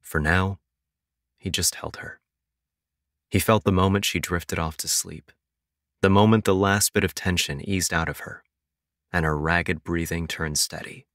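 A man narrating an audiobook in a soft, tender, scripted reading. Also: low voice, fairly even intonation, a little slow, pauses often, no room sound, clean studio sound.

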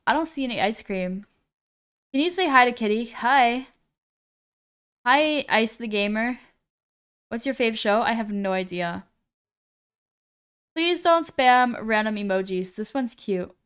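Woman streamer reading chat out loud, smooth kinda high voice, keeps saying sorry for names. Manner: reads chat aloud, apologetic, stumbles over names. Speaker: live streamer. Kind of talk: casual live-stream chat.

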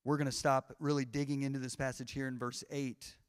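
A man's voice: mid-range voice, little pitch movement, a little fast, smooth, dry recording, clean studio sound. A man who is a pastor preaching a sermon, building his points in rising, repeated phrases with frequent restarts. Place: church sanctuary.

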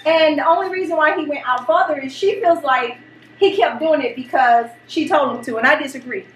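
A middle-aged woman and mother, hosting a home vlog, telling a story in an animated, excitable way. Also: high voice, brisk, reverberant, distant mic, slight background noise. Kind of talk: casual storytelling. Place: home kitchen.

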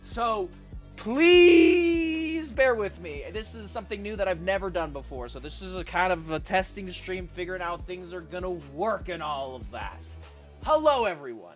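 A man's voice: high voice, sing-song, fairly quick, fairly bright tone, soft background music. A young man chatting casually on a live stream, upbeat and chatty, swearing freely. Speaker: livestreamer.

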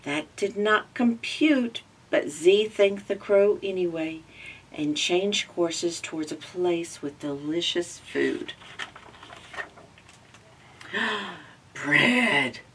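A woman with a Southern American accent reading a children's picture book aloud, gently and slowly, lifting her voice for the characters. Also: lowish voice, recorded from a distance, a little hiss or hum. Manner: gentle, slow storytelling with raised voices for characters.

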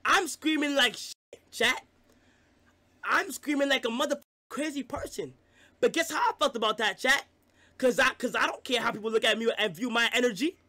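A young man with a high, bright, edgy voice talks loudly and excitably while streaming live. He trades rough, profane banter with his chat at full energy. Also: a little fast.

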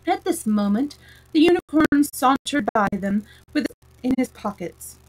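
A woman storyteller reads a classic children's book aloud. Her voice sits a little high, and she reads in a lively, expressive way. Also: measured pace, rough recording.

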